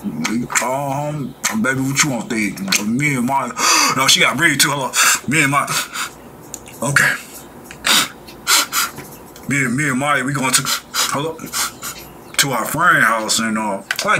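A man's voice: mid-range voice, a little slow, long pauses, noisy background. A man hosting a reaction video, talking in a casual, mocking way and laughing often.

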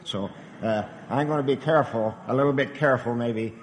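A man's voice: medium pitch, fairly quick, a little hiss or hum. A man preaching a sermon in an emphatic, earnest, exhorting manner. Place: church camp meeting hall. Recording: reverberant hall.

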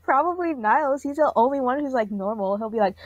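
A woman's voice: high voice, animated, fast talker, no room sound, dull audio. Playful, teasing woman podcast host. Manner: playful, teasing, laughs often. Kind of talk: casual chat.

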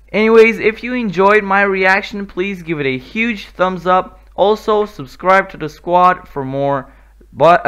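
A man with a fairly high voice hosts a casual reaction video. He talks at a slow, drawn-out pace between sudden loud, swearing outbursts of excitement. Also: clean tone. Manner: excitable, swears a lot, loud bursts of exclamation. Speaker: YouTube reaction host.

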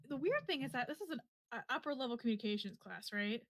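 A young woman in her twenties telling a long, animated story in casual chat during a co-op game stream, laughing often. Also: fairly high pitch, fast. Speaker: co-op gaming stream guest. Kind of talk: casual storytelling while gaming. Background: game music.

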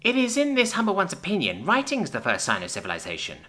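A man voicing a small, timid mouse-like male alien officer who speaks in a squeaky, deferential way. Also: huge pitch swings, quick pace, bright, forceful tone, heavily acted. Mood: polite.

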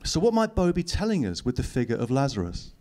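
With huge swings in pitch around a medium register, this middle-aged author reads aloud quickly in a mellow voice. He's giving a public talk in a lecture hall, commenting to listeners with dry wit and teasing asides.

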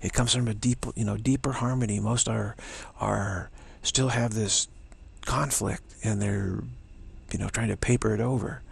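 A man's voice: on the low side, steady tone, normal speed, gravelly, breathy edge. A man giving a playful, rambling spiritual teaching, laughing often as he talks.

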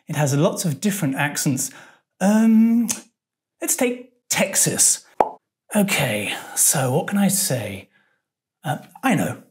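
Slow, lively woman presenting a lesson. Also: low-pitched. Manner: playful, hesitant with fillers and puzzled asides. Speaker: teacher presenting an English lesson. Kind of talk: scripted educational presentation.

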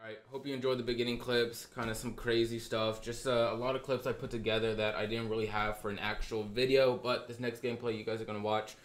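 Excitable young man, gameplay commentary. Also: medium pitch, quick pace, few pauses. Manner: excitable, slangy, keeps saying dude. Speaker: gaming streamer and YouTuber.

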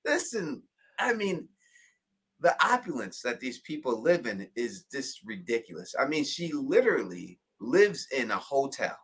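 A man's voice: mid-range voice, normal speed, few pauses, husky, poor audio. A man chatting as a guest on a livestream, telling stories with animation and acting out quotes. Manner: animated storyteller, acts out quotes. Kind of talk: casual livestream chat.

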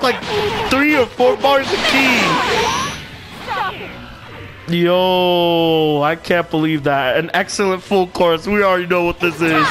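A man giving casual game commentary in an excitable way, swearing, shouting and repeating himself. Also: fairly high pitch, slow. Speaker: gameplay commentator. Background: loud game music.

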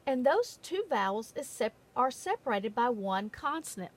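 A woman giving a phonics lesson in a patient, deliberate way, stressing the key words. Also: on the high side, big pitch swings. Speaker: phonics teacher. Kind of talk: slow, careful classroom instruction.

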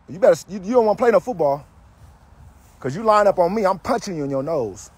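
Husky man barking football drills. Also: sits high, quick pace, no echo. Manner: loud, teasing, energetic barked commands. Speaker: football coach. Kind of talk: coaching drills with trash talk.

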